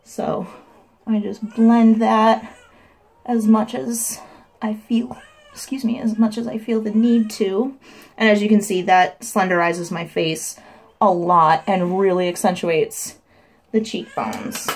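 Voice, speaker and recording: A woman's voice: fairly even intonation, takes it slowly, darkish tone. A young woman casually explaining her makeup steps at home in a makeup tutorial vlog. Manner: chatty, breaks into high sing-song baby talk. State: winded from running up stairs. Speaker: makeup vlogger.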